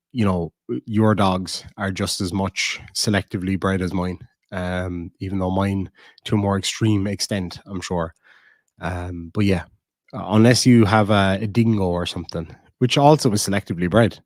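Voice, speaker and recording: Irish guy, low voice, profane and blunt, streamer chatting with viewers, dry sound. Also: dry recording. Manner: profane, blunt, reads chat aloud. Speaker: livestream host. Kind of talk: casual livestream chat.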